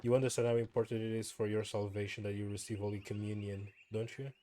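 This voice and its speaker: A man's voice: fairly low pitch, flat delivery, quick pace, dark tone, a little hiss or hum, natural voice. A man reading aloud the lines of a stern older village priest from a story game.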